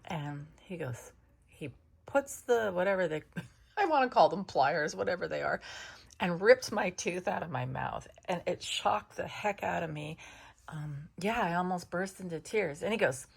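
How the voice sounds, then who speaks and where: A woman casually telling a meandering personal story to her cat, chatty and full of restarts, sometimes dropping to hushed asides. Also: fairly low pitch, lively intonation, unhurried, creaky, slightly rough. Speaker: vlogger talking to her cat.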